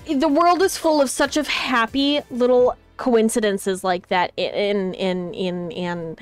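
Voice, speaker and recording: Woman streamer, high voice, dry close sound, gushing rambling chat. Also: takes it slowly, smooth, dry recording, faint music behind. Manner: gushing and rambling, with many restarts. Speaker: streamer host. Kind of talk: casual chat on a live stream.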